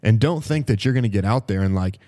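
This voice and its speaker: A man with a fairly low, dark, mellow voice co-hosts a motivational podcast. He speaks emphatically and repeats key phrases to drive each point home. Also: expressive, quick pace. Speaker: podcast co-host.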